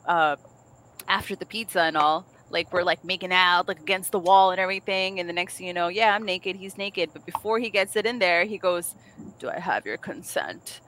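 A woman's voice: on the low side, slight background noise, poor audio. A woman co-hosting a podcast, telling frank dating stories in casual chat and acting out the quotes. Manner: candid, animated storytelling with acted-out quotes. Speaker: podcast co-host.

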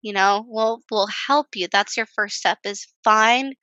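A young woman working as an esthetician, telling a workplace story as a podcast guest in a lively, chatty way, acting out the people she quotes. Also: medium pitch, measured pace, dry recording, muffled recording. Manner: animated, acts out quoted voices, chatty with many fillers. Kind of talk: casual storytelling interview.

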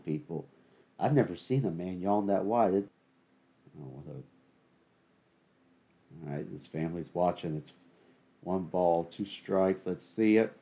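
Low and mellow, this man's voice carries a solo podcast on which he rants sarcastically and jokes his way through play-by-play of a game he's watching. He's a host from the suburban Southern US.

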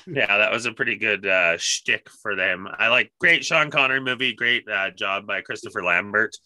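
Enthusiastic man with a very bright voice. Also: lowish voice, normal speed, no room sound. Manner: enthusiastic, swears casually. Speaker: podcast co-host. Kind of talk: casual chat.

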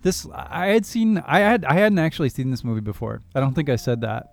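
A man's voice: medium pitch, brisk, gravelly, soft background music. A man co-hosting a casual movie podcast, talking animatedly and acting out his own reactions. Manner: animated, laughing, acts out reactions in quotes. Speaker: podcast co-host. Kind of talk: casual movie-discussion chat.

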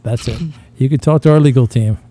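A man's voice: medium pitch, fairly quick, warm tone. A man co-hosting a podcast, talking in crude, boastful, rambling banter and laughing at himself. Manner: boastful, rambling, self-mocking with frequent laughs. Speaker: podcast co-host. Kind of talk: casual crude comedic banter.

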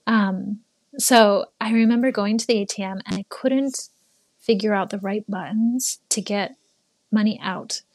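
A young woman in her twenties talks through a personal story in a relaxed interview, full of fillers and little laughs. Her pitch sits in the middle for a woman, and the recording is dry and close with no room sound. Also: unhurried, dry recording. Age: 20s. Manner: chatty, lots of fillers, laughs while talking. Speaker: guest, former English teacher.

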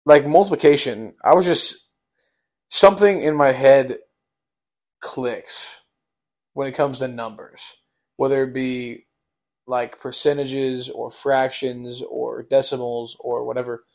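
A man's voice: mid-range voice, steady tone, slow, a little mellow. A young man telling a casual storytime on a podcast, rambling with lots of fillers.

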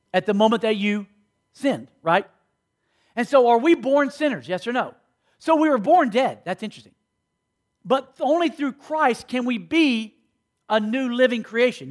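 Guy preaching at a school, really high voice, keeps asking the crowd questions back and forth. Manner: asks the audience questions, call and response. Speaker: speaker at a school. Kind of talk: sermon.

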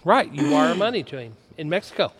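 A man's voice: high voice, sing-song, fairly quick, a bit bright, breathy edge, big-room sound. A man chatting casually as podcast host, offering supportive but crude asides. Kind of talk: casual chat.

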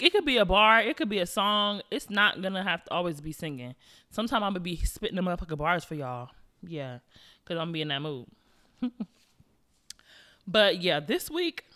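A woman's voice: on the low side, sharp tone. Young woman podcasting solo, chatty and slangy, talking right at her listeners. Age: young adult. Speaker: podcast host. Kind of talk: casual solo podcast chat.

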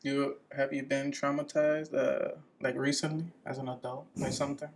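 A man's voice: mid-range voice, flat delivery, moderate pace. A man co-hosting a podcast, chatting in a laid-back way with lots of filler words. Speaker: podcast co-host. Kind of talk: casual chat.

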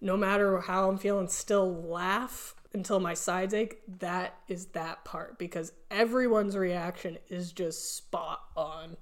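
A woman's voice: lowish voice, steady tone. A young adult woman co-hosting a casual podcast, talking with enthusiasm and laughing easily. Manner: enthusiastic, gushing, quick to laugh. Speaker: podcast co-host.

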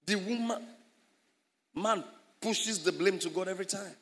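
A Nigerian-accented man preaching with emphatic, teacherly delivery, his voice sitting a touch high for a man. The sound rolls with a long hall reverb, as in a church. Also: a little slow, fairly bright tone. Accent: Nigerian English. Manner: emphatic, teaching, acts out scenes. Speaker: pastor. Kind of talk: sermon. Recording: echoey hall.

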